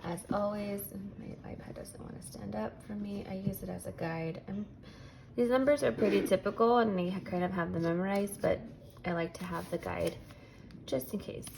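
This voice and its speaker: A woman vlogging about her budget at home, explaining step by step in a casual way and counting cash aloud in a steady rhythm. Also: mid-range voice, moderate pace, gravelly, background noise. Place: at home, kids awake nearby.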